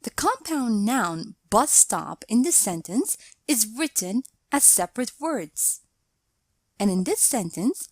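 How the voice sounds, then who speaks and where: A woman narrating a scripted English grammar lesson, explaining each point in a deliberate, measured way. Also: a little high, sing-song, dry recording.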